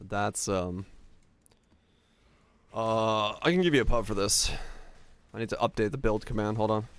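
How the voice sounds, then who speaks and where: A man's voice: lowish voice, a little slow, clear, resonant tone. A young man streaming a game, chatting casually, answering chat questions and thinking aloud as he plays.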